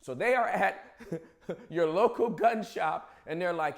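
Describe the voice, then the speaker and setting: A man's voice: high-pitched, slow, gravelly. A man hosting a comedic news monologue, emphatic and playful.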